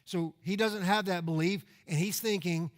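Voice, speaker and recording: A man's voice: sits high, fairly even intonation, normal speed. A man preaching a sermon as pastor in a church, talking conversationally, repeating words and asking rhetorical questions. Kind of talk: expository sermon. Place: church sanctuary.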